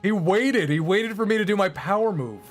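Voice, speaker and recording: A man giving rambling, sarcastic let's-play commentary, breaking into yells at the game. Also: high-pitched, lively intonation, moderate pace, faint music behind. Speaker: gaming YouTuber.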